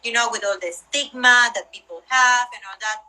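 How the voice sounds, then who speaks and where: Bright nasal woman, chatty. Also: a little high, moderate pace, low-quality recording. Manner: chatty, animated, laughs often. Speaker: co-host, literature teacher. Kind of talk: casual chat.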